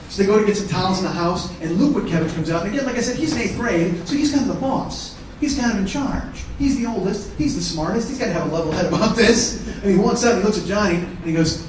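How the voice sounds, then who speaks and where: A middle-aged man telling a profane, animated comedy story in a live one-man show, his voice jumping into shouts. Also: high-pitched, quick pace, hardly any pauses. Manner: animated, profane, shouts quoted kids' lines. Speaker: stand-up comedian. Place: live theater stage with audience laughing. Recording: echoey, distant theater recording with noise.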